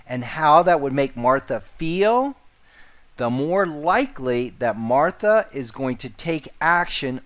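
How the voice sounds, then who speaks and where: Guy running a sales training lesson, repeats stuff, leans on key words. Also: mid-range voice. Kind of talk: instructional course narration.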